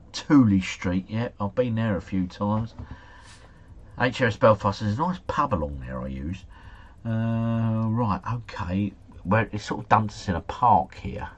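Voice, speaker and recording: A man streaming a guessing game live, thinking aloud and chatting to viewers, his volume rising and falling with excitement. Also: fairly low pitch, unhurried, muffled recording. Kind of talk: casual live commentary.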